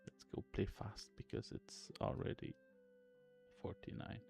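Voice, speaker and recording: A young man streaming game development, quietly muttering to himself in halting phrases as he works. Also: faint music behind. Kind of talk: casual livestream commentary while coding and gaming.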